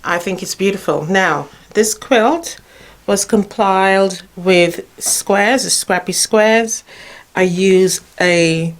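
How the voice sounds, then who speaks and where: A woman vlogger walks through her quilting work in an unhurried, conversational way. Her voice sits in a middle pitch, and she takes her time over each step. She sounds relaxed and chatty, as if talking to friends. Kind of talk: casual how-to narration. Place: home sewing room.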